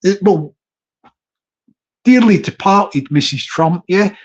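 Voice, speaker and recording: London guy rambling on his livestream, unhurried, cheeky, keeps chuckling. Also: high-pitched, animated, dull audio. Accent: London English. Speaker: livestream host. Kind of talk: casual livestream chat.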